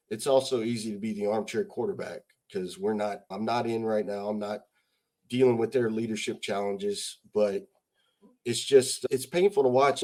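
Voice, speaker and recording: Middle-aged man from the US, gruff and profane, emphatic rhetorical questions, casual interview guest. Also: lowish voice, a little mellow. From United States. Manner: blunt and heavily profane. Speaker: podcast guest, retired army sergeant major.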